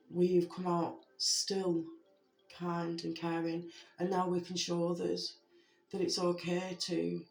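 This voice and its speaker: A spiritual message giver speaking to viewers in a heartfelt way, gently repeating reassurances with many fillers. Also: mid-range voice, creaky. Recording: roomy echo with faint background music.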